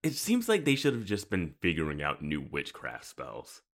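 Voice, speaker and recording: A young man co-hosting a podcast in casual chat, animated and jokey, laughing often. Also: extremely low pitch, normal speed. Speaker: podcast co-host. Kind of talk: casual chat about a TV show.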